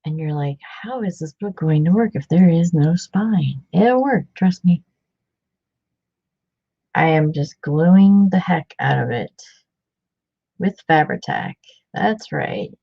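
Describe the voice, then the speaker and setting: A woman hosting a casual craft livestream, chatting warmly and rambling, repeating herself as she works. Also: sits low, lively intonation, slow, gravelly, pauses often, breathy edge, dull audio.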